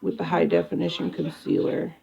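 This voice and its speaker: A young woman casually talking through her makeup routine for her first vlog, relaxed and easily distracted. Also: fairly low pitch, a little fast, vocal fry, lo-fi sound. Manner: relaxed, chatty, talks while working, drifts off to a TV. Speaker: beauty vlogger. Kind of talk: casual makeup tutorial chat.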